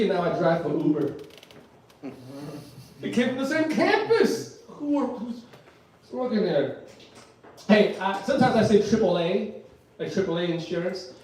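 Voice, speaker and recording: A man's voice: sits high, a little mellow, slight background noise. Rambling male stand-up, echoey and distant. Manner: rambling, laughs at his own jokes. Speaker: stand-up comedian. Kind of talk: live stand-up comedy. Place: live comedy show with audience. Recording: echoey room, mic far off.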